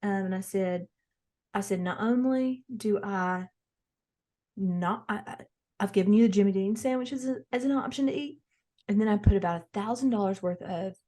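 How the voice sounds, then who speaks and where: A woman playing a frazzled, gossipy, well-off mom who hosts an improvised comedy podcast and rambles through animated stories with acted-out quotes. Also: medium pitch, natural voice. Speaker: podcast host character.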